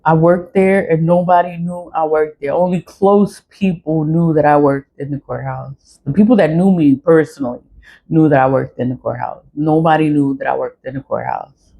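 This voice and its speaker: Defiant woman vlogger, slightly low voice, blunt and profane, loops her phrases. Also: steady tone, normal speed, vocal fry, mellow. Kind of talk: ranting monologue to camera.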